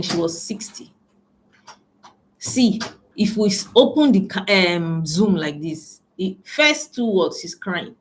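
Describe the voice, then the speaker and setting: A woman giving a motivational talk as a business coach, emphatic and repeating phrases for stress, calling her listeners ladies and gentlemen. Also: mid-range voice.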